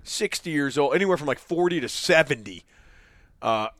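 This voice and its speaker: A man's voice: a little high, lively intonation, a bit bright, no echo, clean studio sound. A man joking and telling stories in casual podcast chat, laughing often. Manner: quick, laughing, joking banter.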